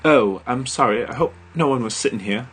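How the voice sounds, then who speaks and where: A man's voice: medium pitch, brisk, a bit bright, breathy edge, pitched above the performer's own voice. A man reading a story, voicing a small, chatty, teasing young girl with a British accent. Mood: playful. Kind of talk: audiobook-style story reading.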